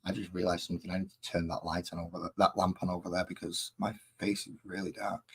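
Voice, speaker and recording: Deep husky guy rambling while he paints minis, easily sidetracked. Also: flat delivery, quick pace, a bit bright. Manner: rambling, easily distracted, chatty. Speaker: hobby painting streamer. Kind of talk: casual live-stream chat while painting.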